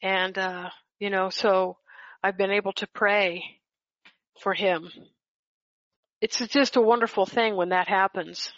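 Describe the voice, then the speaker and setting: A woman leading a group Bible study over a call, talking haltingly with many restarts. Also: medium pitch, steady tone, fairly bright tone, dry recording, dull audio.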